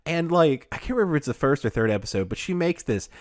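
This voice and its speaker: A man's voice: fairly high pitch, animated, quick pace, dry recording, clean studio sound. A man co-hosting a podcast in casual chat, rambling with many restarts and laughing often. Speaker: podcast co-host.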